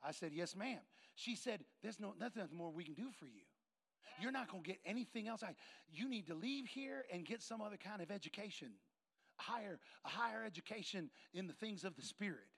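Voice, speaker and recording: A man preaches through a personal story. His voice sits high and carries a gravelly edge. He leans into the quoted lines and voices each person in turn. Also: fairly quick. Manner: animated storyteller acting out dialogue. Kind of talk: sermon storytelling.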